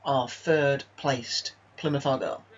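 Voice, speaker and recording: A man giving live commentary over his own football video game session, excitable and exasperated one moment, calmly running through his team the next. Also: medium pitch, unhurried. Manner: excitable, exasperated, swings between disbelief and calm team talk. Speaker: gaming YouTuber. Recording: slightly dull lo-fi mic.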